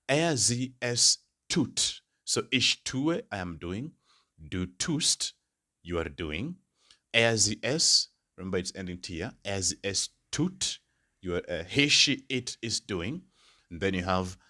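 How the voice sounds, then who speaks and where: A man teaching German verb conjugation, repeating each form slowly and often checking in with "yeah?". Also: sits low, sing-song, pushed and bright. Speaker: German language tutor. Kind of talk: slow, careful language lesson.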